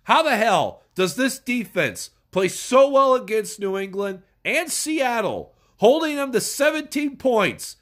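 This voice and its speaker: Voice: mid-range voice, very animated, a little slow, few pauses. An irate fan ranting and swearing about their team, sounding stuffed up from a cold. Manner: furious, yelling and swearing. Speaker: sports fan vlogger. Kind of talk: angry profane rant.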